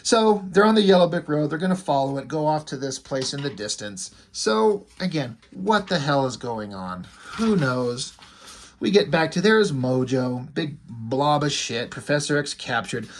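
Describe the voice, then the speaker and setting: A man's voice: on the high side, animated, normal speed, slight background noise. A man giving a casual, rambling comic book review, full of "like" and "you know" and blunt, mocking asides. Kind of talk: casual video commentary.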